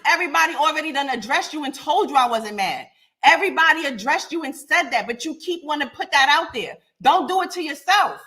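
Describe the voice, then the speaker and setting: High voiced woman podcast host, bright sharp tone, blunt and cussing a lot. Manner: blunt, profane, confrontational. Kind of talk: live podcast rant.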